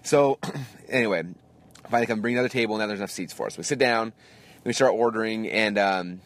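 Fast-talking animated male podcast host. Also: lowish voice. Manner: animated, acts out voices in anecdotes. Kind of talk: casual storytelling monologue.

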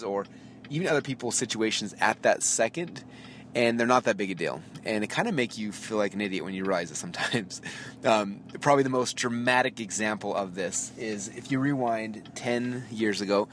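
A podcast host in his thirties talks through a story in a loose, chatty monologue, with quick asides and small laughs. His pitch sits in the ordinary middle range for a man. He is recorded inside a moving car, with a soft hum of road noise behind him. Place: inside a car while driving. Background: faint vehicle noise.

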